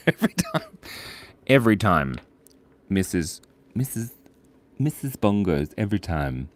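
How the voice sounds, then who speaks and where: A man's voice: fairly low pitch, very animated, a little slow, long pauses, no echo. A man hosting a live drawing stream, chatting playfully and reading out viewer names. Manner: playful, rambling, reads chat names aloud. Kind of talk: casual live-stream chat while drawing.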